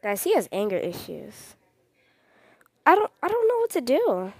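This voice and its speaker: A woman's voice: high-pitched, huge pitch swings, moderate pace, a little mellow, breathy edge, no room sound, studio quality. A young woman hosting a gaming channel, easily scared, who repeats her phrases and talks straight to her viewers. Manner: repeats short phrases over and over. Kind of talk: excited gameplay commentary.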